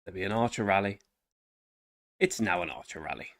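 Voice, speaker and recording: A man's voice: low voice, lively intonation, brisk, gravelly, a bit bright, no room sound, studio quality. A man giving casual gameplay commentary, chatting to himself and his viewers with frequent exclamations. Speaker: game streamer.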